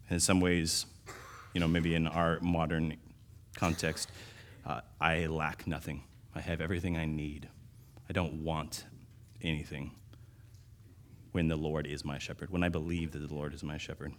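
Deep-voiced man preaching conversationally. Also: flat delivery, moderate pace, pauses often, a little hiss or hum. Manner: conversational, with restarts and sudden louder emphasis. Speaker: pastor. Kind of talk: sermon.

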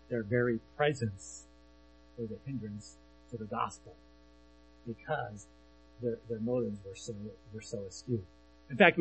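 A man's voice: medium pitch, rough recording. A man preaching a sermon in a conversational way, often checking in with listeners and reading scripture aloud between his comments. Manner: conversational, often asks the audience "right?". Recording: faint mains hum.

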